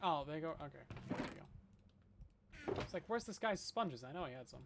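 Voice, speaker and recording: Lively, high-voiced young man rambling. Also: normal speed, gravelly, heavy background noise. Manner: rambling, self-deprecating, joking. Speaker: Minecraft streamer. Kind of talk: casual gameplay commentary.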